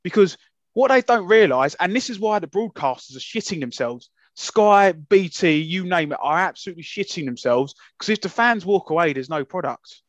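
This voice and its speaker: On a casual podcast, this English co-host launches into a heated rant full of indignation and free swearing. His voice sits high and sounds animated at a moderate pace, captured dry and lo-fi with a dull quality and no room sound.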